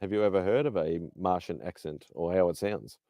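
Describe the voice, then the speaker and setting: A man hosting a casual online chat show, rambling and swearing casually between quick laughs. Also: low-pitched, mellow, no echo. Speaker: podcast host.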